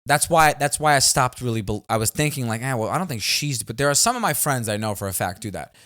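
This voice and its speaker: Animated man telling stories. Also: mid-range voice, fast talker. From New York area. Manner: animated storytelling, acts out family members. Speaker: comedian and podcast host. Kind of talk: casual chat.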